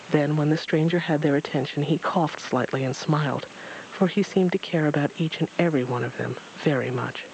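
A man reading a storybook aloud in a gentle, even voice. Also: mid-range voice, slight background noise, rough recording.

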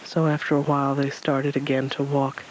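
A narrator reading a children's storybook aloud in a steady, gentle way, with small slips. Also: medium pitch, normal speed, a little hiss or hum, rough recording.

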